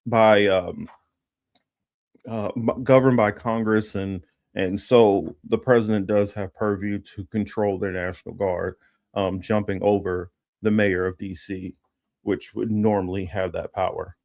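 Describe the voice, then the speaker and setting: A man with a lowish voice hosting a casual political livestream. He rambles with lots of ums and restarts, breaking off to read news items aloud. The sound is dry and close, with no room around it. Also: steady tone, a little slow, creaky, a little mellow, no echo. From Los Angeles area. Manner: rambling, many fillers and restarts; reads news text aloud. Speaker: political commentary host.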